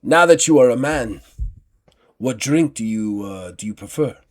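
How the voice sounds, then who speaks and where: An aging swordsman and grifter, suave and unhurried, as a game master puts him on. His lines come slow and measured in a tabletop game. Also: mid-range voice, animated, natural voice. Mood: sly. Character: aging male swashbuckler uncle, suave grifter.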